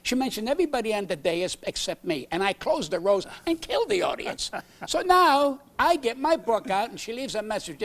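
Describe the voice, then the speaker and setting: A man's voice: sits high, big pitch swings, a little fast, fairly bright tone. An older male comedian on a late-night talk show set, telling aggrieved stories in a brash, blunt way and acting out the exchanges. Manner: brash, aggrieved storytelling, acts out quoted exchanges. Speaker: comedian guest. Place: TV studio set.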